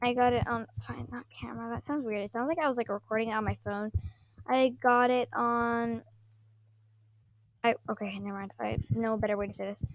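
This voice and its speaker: High-voiced excitable woman gamer. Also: fairly quick. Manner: excitable, shrieks and gasps, rambling. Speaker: gaming vlogger. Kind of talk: casual gameplay commentary. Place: at home at night. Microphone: microphone on a stand.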